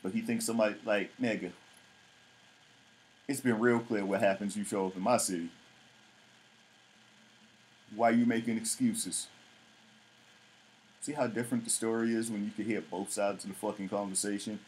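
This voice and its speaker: A man's voice: lowish voice, fairly even intonation, moderate pace, pauses often, darkish tone, husky, low-quality recording. A man hosting his own show, ranting in a blunt, mocking, profane way. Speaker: vlog host. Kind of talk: casual ranting commentary.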